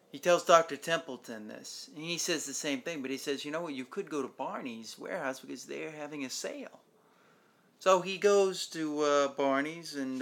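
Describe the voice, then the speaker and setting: A man's voice: medium pitch, pushed and bright. A man casually recapping a TV episode as a show host, rambling along and acting out the characters' lines.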